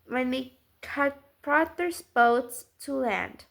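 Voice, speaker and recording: Woman teaching the Bible casually: rambling, earnest, slow and a bit high. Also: lively intonation, creaky, a bit bright.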